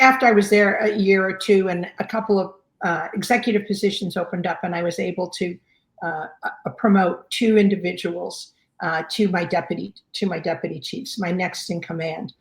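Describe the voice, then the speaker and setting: A woman's voice: lowish voice, moderate pace. A woman in her sixties, a fire chief guest, telling stories in a rambling conversational way with many fillers. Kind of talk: conversational storytelling. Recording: roomy echo.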